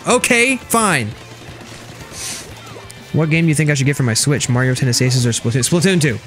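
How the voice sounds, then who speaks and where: A man's voice: fairly high pitch, animated, brisk, pauses often, fairly bright tone, soft background music. A young man streaming a video game, chatting casually and sarcastically with viewers as he plays. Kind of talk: casual gameplay commentary reading chat.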